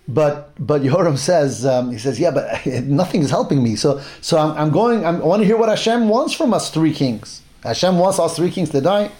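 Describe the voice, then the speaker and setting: High-voiced man teaching a Torah class. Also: lively intonation, moderate pace, hardly any pauses, a little mellow. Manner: conversational with fillers and restarts, acts out quoted speech. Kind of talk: casual Torah class retelling a Bible story.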